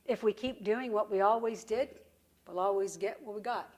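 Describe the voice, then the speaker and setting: A woman's voice: medium pitch, normal speed, darkish tone. A woman giving a conference presentation in a direct, folksy storytelling manner.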